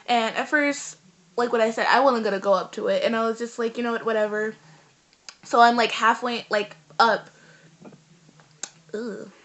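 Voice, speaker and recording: A teenage girl, telling a story in a casual vlog in an animated, rambling way full of fillers. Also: a little high, normal speed, long pauses. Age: teens. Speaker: vlogger.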